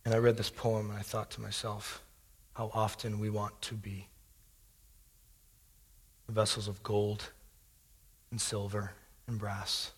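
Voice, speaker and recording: A pastor preaching an earnest sermon, moving into prayer and a read-aloud poem. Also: male voice, on the low side, monotone, slow, pauses often, breathy edge. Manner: earnest, prayerful, building intensity.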